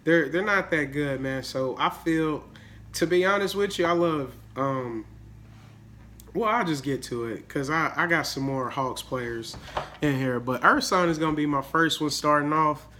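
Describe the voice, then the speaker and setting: A man's voice: on the high side, a little slow, sharp tone. Hyped slangy man, a little sick. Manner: hyped, slangy, repeats words and says "man" often. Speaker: daily fantasy sports video host. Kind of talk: casual solo video commentary.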